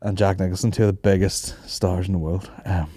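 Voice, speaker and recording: A man's voice: sits low, fairly quick, breathy edge, dry recording. A man hosting a podcast, telling stories casually with plenty of swearing and laughter. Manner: swearing, laughing, animated storytelling. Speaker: podcast host.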